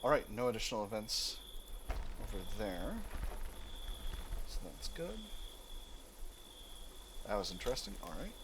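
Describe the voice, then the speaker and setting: A man's voice: lowish voice, very animated, measured pace, long pauses, background noise. Man thinking aloud over a game. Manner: thinks aloud, hesitant fillers, reads narration. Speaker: gaming channel host. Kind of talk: let's play commentary reading game text aloud.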